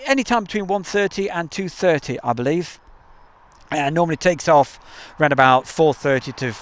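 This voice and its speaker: A man's voice: on the high side, smooth. A man with an East Midlands accent, hosting a casual live stream outdoors and chatting as he reads out viewer messages. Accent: East Midlands English. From England. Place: outdoors near an airport at night. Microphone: camcorder mic.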